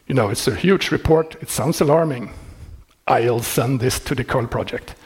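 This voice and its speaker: A man who maintains a software project, talking casually and wryly, laughing often and restarting his sentences. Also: mid-range voice, normal speed, breathy edge. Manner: wry and animated, laughing often, many restarts. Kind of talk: casual explanatory talk.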